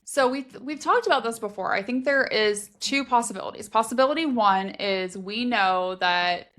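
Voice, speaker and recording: A woman's voice: on the high side, normal speed, a bit bright. A woman co-hosting a podcast, talking through theories about a fantasy novel in a casual, thinking-aloud way, full of "like" fillers. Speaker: podcast co-host. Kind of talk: casual book discussion.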